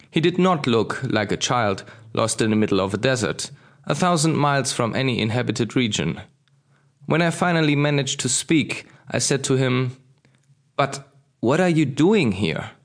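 A man narrating an audiobook in a measured, grave storytelling manner. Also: mid-range voice.

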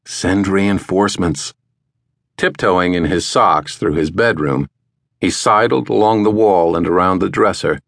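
Male audiobook narrator, deep and measured, close dry read. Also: creaky, a bit bright, no echo. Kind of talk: scripted narration.

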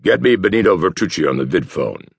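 A man's voice: deep voice, big pitch swings, fast talker, vocal fry, husky, dry recording, exaggerated voice. Man voicing a harsh police detective chief. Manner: harsh, commanding.

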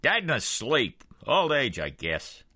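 A man voicing an irritable brother-in-law who gives flat, curt replies. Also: medium pitch, slow pace, breathy edge, dry recording, clean studio sound, pitched above the performer's own voice, heavily acted.

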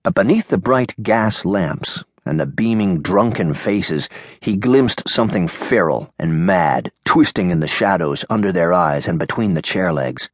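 A male audiobook narrator with a low voice and lively, expressive pitch. He reads in a measured way. The studio recording is dry and close. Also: no room sound. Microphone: studio microphone.

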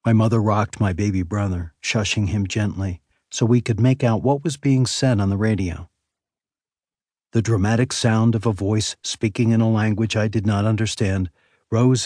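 A man narrating a memoir audiobook in a measured, even storytelling manner on a close studio mic. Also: fairly low pitch, dry recording.

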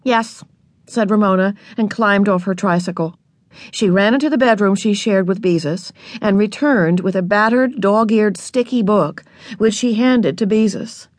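A woman narrating a children's audiobook in a scripted, expressive storytelling manner, recorded in a studio. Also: mid-range voice, moderate pace, dry recording.

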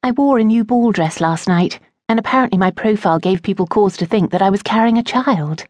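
A woman's voice: mid-range voice, a little fast, darkish tone, no room sound, pitched above the performer's own voice, lightly acted. A woman narrating an audiobook, voicing a poised young noblewoman who answers her father with composed asperity. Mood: tart. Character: poised young noblewoman, a debutante and patient daughter. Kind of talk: audiobook character voice.

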